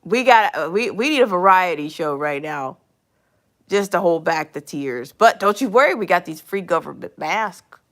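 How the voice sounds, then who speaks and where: A woman's voice: fairly low pitch, lively intonation, normal speed, a bit bright. A woman in her fifties hosting a casual live stream, reading viewer comments aloud, chuckling often and repeating phrases for emphasis. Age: 50s.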